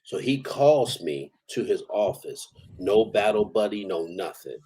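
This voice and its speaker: A man's voice: lowish voice, lively intonation, a little slow, warm tone, slightly rough, poor audio. A man, an army veteran, telling stories in a casual, profane, rambling way and chuckling now and then. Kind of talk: casual storytelling.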